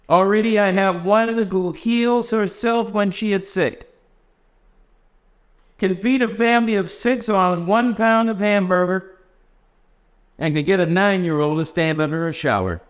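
A man's voice: sits high, measured pace, pauses often, pitched above the performer's own voice. A man reading the part of the Lord, an eager male creator, in an earnest, heightened way.

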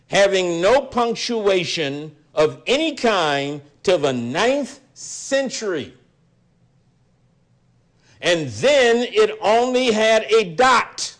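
A man teaching a Bible study sermon in a deliberate, emphatic way, repeating his key lines. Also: high voice.

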